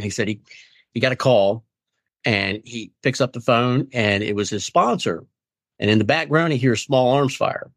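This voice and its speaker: A man's voice: medium pitch, no echo. Middle-aged male interview guest; earnest, rambling delivery, dry close sound. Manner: earnest, rambling, acts out quoted friends. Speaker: guest in recovery. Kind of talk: candid interview conversation.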